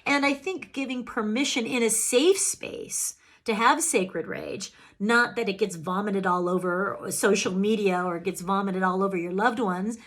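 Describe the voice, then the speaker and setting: A woman coaching on emotional healing in an earnest self-help talk. She speaks to the listener directly and jumps up in pitch when acting out her own feelings. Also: a little slow, few pauses, a bit bright.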